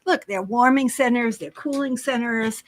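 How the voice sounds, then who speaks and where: A woman's voice: a little high, moderate pace. Chatty older woman, a self-confessed talker. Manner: talkative, eager, laughs often. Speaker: library volunteer advocate guest. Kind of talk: chatty talk show interview.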